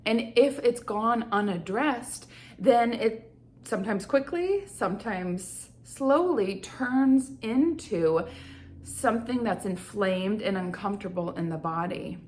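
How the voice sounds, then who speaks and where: A woman's voice: medium pitch, darkish tone. A young adult woman hosting her own show, telling a personal story in an earnest, reflective way. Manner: earnest, reflective, slows down on feelings. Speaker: host.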